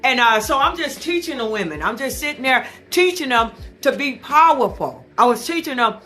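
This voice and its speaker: A woman telling a comic story in a brash, boastful, animated way. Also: high voice, moderate pace, faint music behind. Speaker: comedic storyteller.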